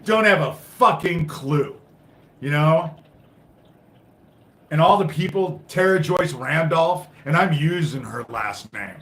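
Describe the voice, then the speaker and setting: A frustrated man rants on his own live stream, swearing freely and swinging between loud bursts and low muttering. His voice sits a little high for a man. The sound is echoey and roomy. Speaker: livestream host.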